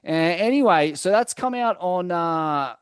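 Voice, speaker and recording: Aussie guy rambling thru a surf story, swears a lot, bit high pitched, dead dry sound. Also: expressive, a little slow, clear, resonant tone, no room sound. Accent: Australian. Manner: loose, sweary storytelling with many fillers. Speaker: podcast co-host. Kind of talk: casual chat.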